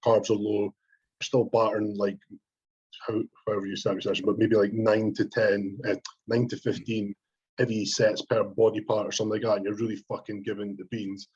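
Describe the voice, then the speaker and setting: A young Scottish man with a husky, fairly low voice chats on a podcast. He rambles, swears freely and bursts into quoting himself. The sound is dull and lo-fi. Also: level tone, a little fast, a little mellow. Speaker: podcast co-host, bodybuilder. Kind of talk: casual chat.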